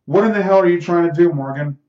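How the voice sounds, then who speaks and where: A man's voice: on the high side, fast, darkish tone, pitched above the performer's own voice, natural voice. Male reader doing bossy young belle, echoey room, muffled sound. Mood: angry.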